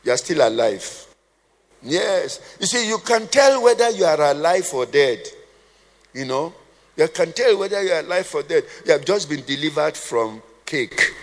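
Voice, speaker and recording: A man's voice: a little high, animated, normal speed. A man preaching a sermon, conversational and humorous, quizzing his congregation with questions. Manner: humorous asides. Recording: long hall reverb.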